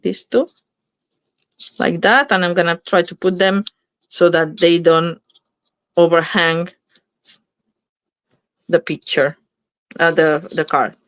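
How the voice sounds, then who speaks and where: A woman with a lowish voice hosting a crafting video in a relaxed, chatty way. She talks to herself as she works and keeps catching and correcting her own slips. The sound is dry and close. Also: no room sound. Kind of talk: casual crafting demo chat.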